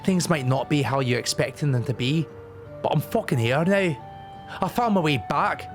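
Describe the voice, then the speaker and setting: Brief: deadpan young woman, played by a man, light put-on Scottish lilt, slow and blunt with swearing, lively pitch, comic game dub. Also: soft background music, lightly acted.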